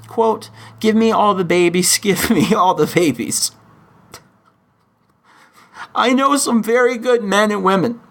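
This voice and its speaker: Podcast host, man, slightly high voice, impassioned and halting, pleading monologue. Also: fairly bright tone. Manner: emotional, pleading, halting with restarts. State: in chronic pain.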